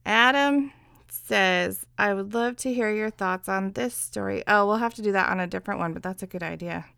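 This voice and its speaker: A woman's voice: medium pitch, moderate pace, vocal fry, a bit bright, clean tone, no echo, clean studio sound. A woman with a New Jersey accent, co-hosting a podcast in casual chat, swearing freely and reading out listener questions. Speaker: podcast co-host.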